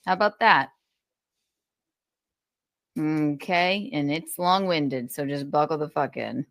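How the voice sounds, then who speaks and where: A woman's voice: low voice, takes it slowly, no echo, clean studio sound. Exasperated, swearing woman ranting. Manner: profane, rambling, exasperated. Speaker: streamer recounting a feud. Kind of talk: heated casual rant.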